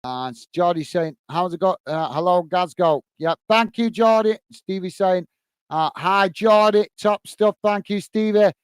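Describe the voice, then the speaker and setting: A British man with a fairly high voice runs a live football watch-along a little slowly, describing play and chatting through viewers' messages while naming them. He drops in plenty of "uh" fillers. His voice is smooth and clear on a close, dry mic with no room sound.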